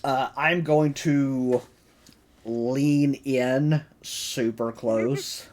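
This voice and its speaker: A man playing in a tabletop role-playing game. His voice is mid-pitched, and he talks slowly. He often halts with ums as he explains his moves. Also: fairly even intonation, a little mellow, slight background noise. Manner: hesitant, with many fillers. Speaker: player. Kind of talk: casual tabletop game play.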